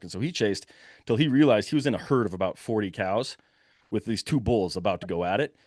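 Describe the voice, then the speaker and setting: A young man telling a hunting story in a lively, casual way, acting out the shouts of the people in it. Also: lowish voice, a little fast, dry recording, studio quality. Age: young adult. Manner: animated, breathless retelling with quoted shouts.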